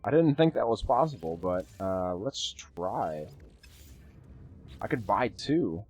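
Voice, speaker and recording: A man streaming live gameplay, chatty and excitable, thanking viewers and swearing casually as he plays. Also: on the low side, takes it slowly.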